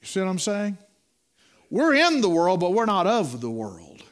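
A middle-aged man delivers a sermon, swooping up and down in a lively, high-pitched voice. He talks in a folksy storytelling way, stumbling over and repeating words and calling out "my friend.". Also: moderate pace. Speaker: preacher.

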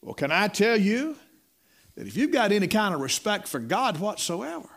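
A man's voice: sits high, big pitch swings, moderate pace, vocal fry, a bit bright. A middle-aged man preaching a sermon in a folksy storytelling way, repeating words and calling listeners "my friend.".

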